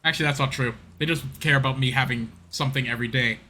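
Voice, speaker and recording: Bright-voiced chatty Canadian streamer. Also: male voice, mid-range voice, steady tone, a little hiss or hum. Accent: British Columbian Canadian. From British Columbia, Canada. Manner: chatty, tangent-prone, quick to laugh. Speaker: streamer playing a game. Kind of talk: casual live-stream chat.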